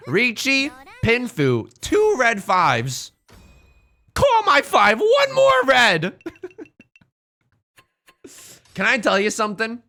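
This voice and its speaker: Animated young man, bright lively voice. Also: high-pitched. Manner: animated, rambling storyteller with quick self-corrections. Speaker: streamer. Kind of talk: casual chat while playing online mahjong.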